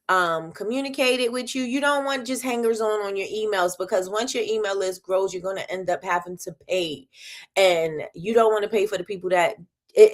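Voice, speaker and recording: A woman hosting a casual live advice chat for small business owners, lively and quick to laugh, speaking straight to her viewers with slang. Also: mid-range voice. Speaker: host of a small-business livestream.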